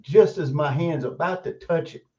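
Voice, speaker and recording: An older man, a guest author, telling animated stories in an interview and laughing often as he goes. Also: a little high, moderate pace, noisy background. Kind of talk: storytelling interview. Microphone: video call. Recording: dull lo-fi remote call audio.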